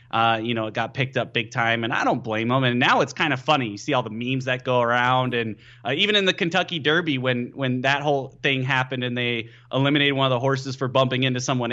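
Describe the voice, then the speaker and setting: A man as a guest on a sports podcast, telling stories in an animated, excitable way with lots of fillers. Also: medium pitch, highs cut off. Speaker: podcast guest, team analyst. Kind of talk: casual sports podcast chat.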